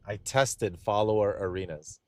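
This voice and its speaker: A young man streaming live, chatting casually and excitedly straight to his viewers, rambling between thoughts. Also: lowish voice, a little slow, dry recording.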